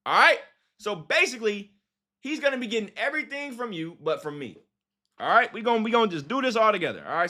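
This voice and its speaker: A man leading a casual Bible study livestream, reading scripture and retelling it in animated slang. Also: sits high, fast.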